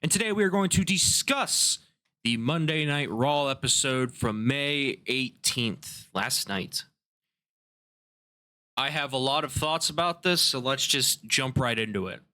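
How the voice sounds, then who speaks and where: A man's voice: mid-range voice, expressive, sharp tone. A man hosting his own podcast, recapping wrestling in a casual, opinionated way and swearing freely. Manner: opinionated, swears, quick asides. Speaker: podcast host.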